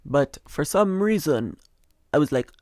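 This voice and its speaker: A man's voice: a little high, lively intonation, measured pace, a little mellow, dry recording, studio quality. A young man hosting a podcast, telling a story in a chatty, dramatic, slangy way with plenty of swearing. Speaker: podcast host. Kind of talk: casual storytelling monologue.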